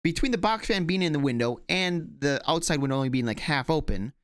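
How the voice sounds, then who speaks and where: A man's voice: fairly high pitch, animated, a little fast, a bit bright, clear, resonant tone, no echo, clean studio sound. A man co-hosting a podcast, telling a long story in a casual, rambling way with lots of fillers, restarts and swearing. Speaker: podcast co-host.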